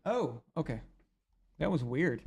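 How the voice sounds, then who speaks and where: A man's voice: on the high side, expressive, unhurried, creaky, a little mellow, breathy edge. A man hosting a live sports reaction stream, talking casually and animatedly. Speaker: sports show host.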